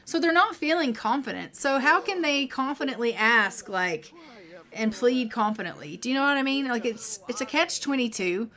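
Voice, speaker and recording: A woman's voice: high-pitched, expressive, normal speed, bright, forceful tone. A woman streamer casually commenting on her game as she plays, chatting with her viewers and voicing the characters now and then. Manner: chatty, reads out game text and voices the characters. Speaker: gaming streamer.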